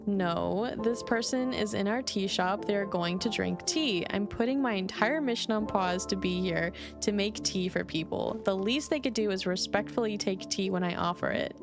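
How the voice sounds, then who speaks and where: A woman's voice: mid-range voice, moderate pace, gravelly, hardly any pauses, over music, natural voice. Alta, a woman reading a bossy tea seller. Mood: indignant. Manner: bossy, indignant and insistent. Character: grumpy stubborn female ex-warrior turned tea seller.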